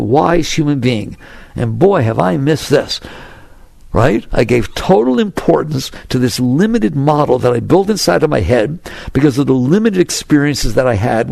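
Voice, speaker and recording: Older male spiritual teacher, rather high, gravelly, very lively delivery. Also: no room sound. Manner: animated, laughing often, rhetorical questions. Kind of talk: spiritual talk to an audience.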